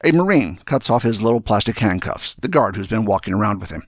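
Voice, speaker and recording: A man's voice: fairly low pitch, animated, fast talker, no room sound, studio quality. An older man, a retired general, telling a story and giving earnest, emphatic advice in a speech to young students.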